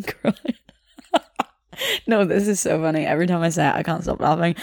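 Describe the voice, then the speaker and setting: A woman's voice: lowish voice, big pitch swings, moderate pace, gravelly, pauses often, no room sound, studio quality. A young woman chatting in a rambling way, telling a story and laughing as she goes. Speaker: podcast host. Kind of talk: casual storytelling.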